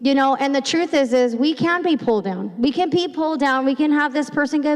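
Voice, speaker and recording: A woman's voice: high voice, lively intonation, fairly quick. A middle-aged woman pastor preaching a sermon in a chatty, conversational way, acting out quoted voices. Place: church sanctuary. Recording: long hall reverb.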